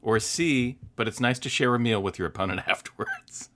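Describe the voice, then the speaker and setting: Bright, lively woman co-host. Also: a bass voice, moderate pace. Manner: lively, teasing, laughs while reading. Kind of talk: hosting a quiz segment.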